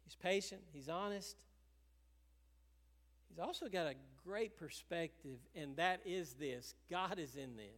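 A man with a notably high voice preaches from the pulpit and carries his words along with chuckles. He breaks into little acted-out quotes now and then. His voice rings through a church sanctuary with a long reverb tail. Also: a little slow. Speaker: pastor. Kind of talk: sermon.

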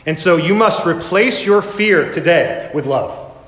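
A man's voice: on the high side, lively intonation, a little slow, fairly bright tone. A man preaching a sermon, telling a story with dramatic rises and voicing the characters in it. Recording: echoey hall, reverberant room.

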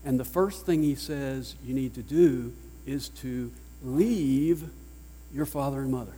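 A man with a Southern US accent preaching a sermon as pastor, emphatic, swinging between loud declarations and hushed lines. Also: mid-range voice, a little slow, slightly rough. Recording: long reverb of a large hall.

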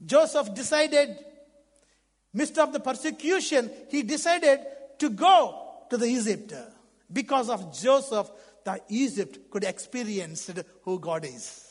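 Very high-voiced male preacher in a hall. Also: animated, takes it slowly. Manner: fervent, swinging from loud to hushed; non-native English phrasing. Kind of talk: sermon. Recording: long reverb of a large hall.

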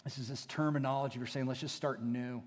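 A man preaching a sermon as pastor, moving between hushed, intimate passages and rising, emphatic exhortation. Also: medium pitch, fairly even intonation, quick pace. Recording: long hall reverb.

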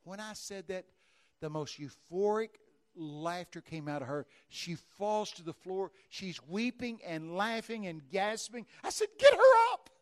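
Male preacher with a slightly high voice, animated storytelling sermon, acts out dialogue and bursts into shouts. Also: a little slow.

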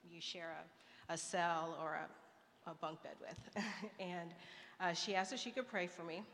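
A woman's voice: fairly low pitch, a bit bright. A woman sharing her personal testimony at church, speaking with many fillers and light nervous laughs. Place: church sanctuary. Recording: echoey church hall with faint noise.

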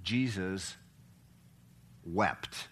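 Man pastor, sermon, bright tone, loud emphatic bursts then hushed soft reading, questions to the congregation. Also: deep voice, very slow, breathy edge.

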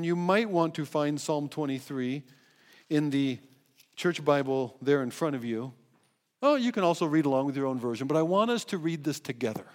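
A man preaching a sermon as pastor, earnestly leading his congregation in reading and prayer. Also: on the high side. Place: church sanctuary.

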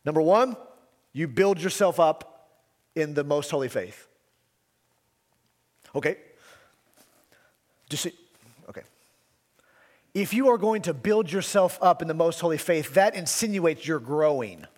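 Emphatic high-voiced preacher in a reverberant hall. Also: male voice, animated, measured pace, long pauses, darkish tone. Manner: emphatic, rhetorical questions, repeats key phrases. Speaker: pastor. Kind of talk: sermon.

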